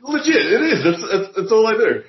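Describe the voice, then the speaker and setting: A man's voice: high-pitched, very animated, a little fast, roomy sound, dull audio. A man, a guest on a podcast, chatting in a laid-back, joking way and laughing easily. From Australia. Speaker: guest, online video creator. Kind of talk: casual podcast chat.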